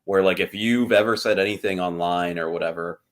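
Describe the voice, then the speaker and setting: Very deep-voiced man, rambling. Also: steady tone, fairly quick. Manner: rambling, many fillers and restarts. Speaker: podcast co-host. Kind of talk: casual podcast chat.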